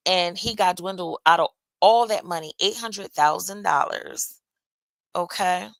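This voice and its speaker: A woman's voice: mid-range voice, fairly bright tone, dry recording, rough recording. A woman hosting a live stream, chatting casually with viewers in a loose, profane way with laughing asides. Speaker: livestream host.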